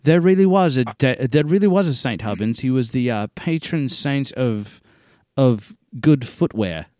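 A man co-hosting a casual trivia chat, animated and quick to laugh. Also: mid-range voice, no room sound, studio quality. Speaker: trivia co-host.

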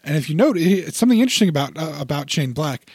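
A man's voice: fairly high pitch, sing-song, racing, a little mellow, husky, no echo, clean studio sound. A man co-hosting a casual podcast chat, explaining things at length with frequent restarts. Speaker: podcast co-host.

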